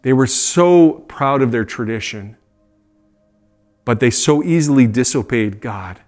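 Middle-aged male pastor, mid-pitched voice, earnest conversational preaching with asides. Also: animated, unhurried, darkish tone, soft background music. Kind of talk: sermon.

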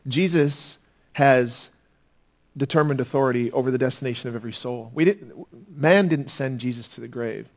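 A male pastor delivering a sermon in a church sanctuary. His talk is earnest, with an ordinary mid-range pitch, rising into forceful emphasis and then dropping to quiet intensity.

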